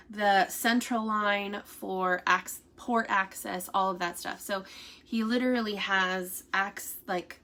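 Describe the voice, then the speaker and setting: A woman vlogger gives family updates to her viewers in a bright, forceful voice of medium pitch. She rambles casually, full of fillers and restarts, and laughs as she tells a story.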